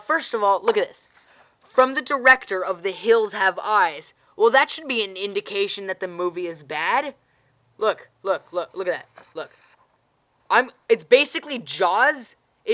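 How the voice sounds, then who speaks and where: A woman's voice: medium pitch, dull audio. A woman giving a casual ranting movie review as a vlogger, blunt and sarcastic, swearing freely and firing off exasperated questions.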